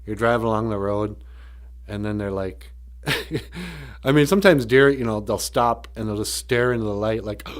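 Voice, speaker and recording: A man's voice: on the low side, a little slow. A man teaching a language on a livestream in a casual, joking way, laughing often.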